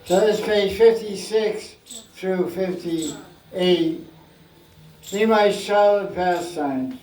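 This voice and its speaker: A man's voice: sits high, very slow, darkish tone. A man giving a scripture class as spiritual teacher, telling stories playfully and acting out scenes, recorded from a distance in an echoey room.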